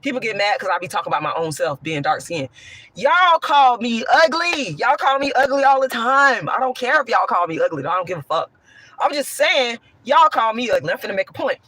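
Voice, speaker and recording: A woman with a hoarse voice, talking bluntly and profanely while answering chat on a livestream. She swings from a raised voice to soft talk. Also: fairly high pitch, very animated, brisk, no echo. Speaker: online commentator.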